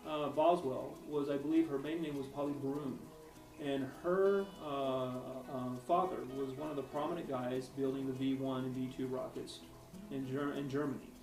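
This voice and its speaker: A man's voice: medium pitch, darkish tone. Man telling war stories, from afar. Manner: rambling, hesitant with frequent restarts. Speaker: author interviewee. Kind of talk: personal storytelling in an interview. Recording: roomy, distant mic with faint music.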